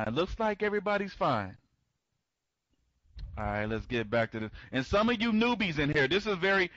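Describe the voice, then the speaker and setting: A man with a fairly high voice hosts a live webinar and rambles, circling back over the same points and greeting people by name as they join. He stumbles through frequent restarts. The sound is dull and lo-fi, with a dry, close feel. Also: sharp tone, no room sound. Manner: restarts and stammers often. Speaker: host of an online members' conference.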